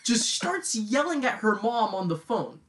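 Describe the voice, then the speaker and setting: A young man in casual chat, telling animated stories and swearing freely. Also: high voice, a little slow. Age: young adult.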